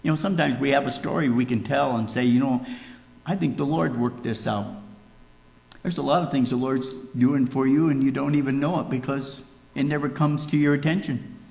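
A pastor from Minnesota with a Minnesotan accent, preaching a dramatic sermon that swings between loud emphatic peaks and hushed lows. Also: male voice, fairly even intonation, fairly quick, creaky. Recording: echoey church hall.

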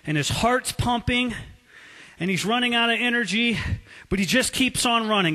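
A man preaching a sermon as a pastor, telling a story with drawn-out emphasis. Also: extremely high pitch, sharp tone. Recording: long hall reverb.

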